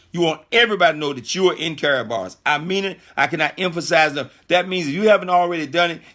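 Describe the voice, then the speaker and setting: A middle-aged man hosting a conference call, giving an emphatic, repetitive, preacher-like motivational sales pitch. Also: sharp tone.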